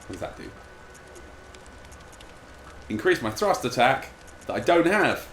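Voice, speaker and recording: A man's voice: medium pitch, big pitch swings, measured pace, fairly bright tone, echoey room, slight background noise, low-quality recording. A man hosting a gameplay stream, chatting casually and rambling while he plays. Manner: rambling, distracted while playing. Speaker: gaming streamer.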